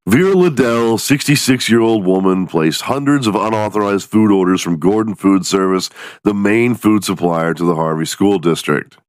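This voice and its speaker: A man with a very deep voice hosts a casual comedy podcast, cursing freely as he tells stories and slips in quick mock voices for the people in them. He is from Texas. His voice is recorded close and dry, with no room sound. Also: no room sound. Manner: profane, animated storytelling with mock voices. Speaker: podcast host.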